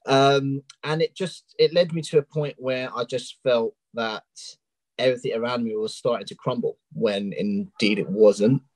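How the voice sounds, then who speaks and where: A man in his thirties from England with a London accent, a coaching client talking openly as a guest in a casual interview, with many ums and pauses. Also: mid-range voice, a little mellow, no room sound, low-quality recording. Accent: London English. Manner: open and candid, with many ums. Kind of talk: casual interview on a live stream.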